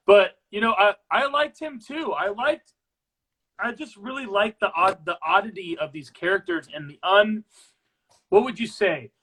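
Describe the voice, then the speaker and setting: High-voiced man, bright and chatty. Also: a little slow, husky. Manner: relaxed storyteller, retells plot, laughs easily. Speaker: co-host. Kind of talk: casual movie discussion.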